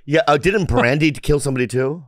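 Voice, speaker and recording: A podcast co-host chatting casually, lively and laughing often, mimicking his parents' voices. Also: on the high side, brisk, dry recording, clean studio sound. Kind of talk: casual chat.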